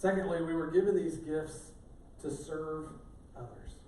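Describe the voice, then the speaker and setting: A man's voice: a little high, steady tone, a little slow, mellow, slight background noise. A middle-aged male pastor giving a sermon in a conversational, joking way. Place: church sanctuary. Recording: echoey church room, distant mic.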